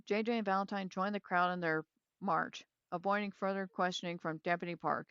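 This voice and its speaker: A woman's voice: lowish voice, fairly even intonation, a little fast, a bit bright, clean tone, no room sound, highs cut off. A woman reading a mystery novel aloud, with casual chatty asides to her listeners. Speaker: reader.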